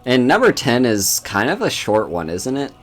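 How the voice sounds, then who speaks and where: A man's voice: mid-range voice, wildly swooping pitch, moderate pace. A man hosting a game stream, chatting casually and laughing often as he plays. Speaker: streamer host. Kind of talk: casual gaming chat.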